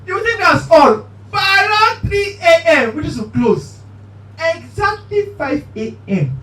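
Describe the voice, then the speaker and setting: Male stand-up, animated storyteller, very lively pitch, recorded in a roomy venue. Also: measured pace. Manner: animated, shouty storytelling with bursts of preaching. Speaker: stand-up comedian. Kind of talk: stand-up comedy set. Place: live comedy stage. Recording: echoey hall, mic at a distance, faint room noise.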